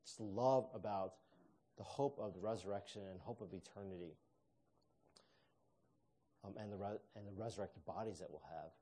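A man's voice: fairly low pitch, normal speed, pauses often, mellow, slight background noise. A man preaching a sermon in a conversational way, with fillers and restarts. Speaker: pastor.

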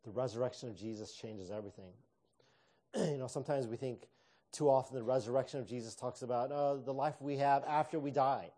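Mellow-voiced man preaching a sermon. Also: medium pitch, fairly quick. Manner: conversational preaching with fillers and restarts. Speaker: pastor.

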